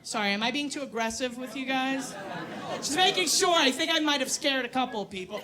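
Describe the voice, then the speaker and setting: A woman's voice: high voice, lively intonation, brisk, noisy background. A woman in her forties doing a brash, profane stand-up comedy set on a comedy club stage, teasing the crowd. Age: 40s.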